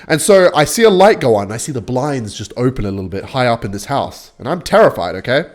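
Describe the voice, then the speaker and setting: Young man, gaming commentary, lively voice swinging high and low, chatty storyteller. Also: fast. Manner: excitable, chatty, swings between hype and muttering. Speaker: gaming YouTuber. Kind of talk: live gameplay commentary with storytelling.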